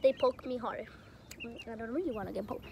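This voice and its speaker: A young woman with a high voice rambles through a casual vlog, filming on a hand-held phone outdoors. She is excitable and chatty. Clucking chickens and birdsong are clearly heard behind her. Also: brisk, noisy background. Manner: rambling, excitable, gets loud when the chickens crowd her. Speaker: vlogger. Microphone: phone camera held in hand.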